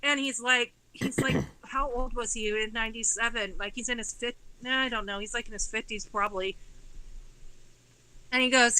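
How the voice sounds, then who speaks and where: A woman in her forties with a piercingly bright, sharp-edged voice pitched a little high, talking in a loose, candid way that spills from one run-on sentence into the next. She swears freely and keeps the story rolling as a guest in casual conversation. The sound is very dry, with no room echo around her. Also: fairly even intonation, fairly quick, clean tone. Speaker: guest author.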